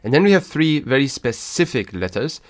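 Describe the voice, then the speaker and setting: Man, language teacher, patient, slow, pauses between letters, podcast lesson. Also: mid-range voice, big pitch swings. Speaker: German teacher and podcast host.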